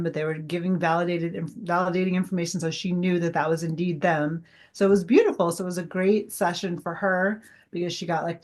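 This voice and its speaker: A woman guest telling her story in a casual interview, chatty and full of fillers. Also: fairly low pitch. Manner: chatty, acts out quoted dialogue, many fillers.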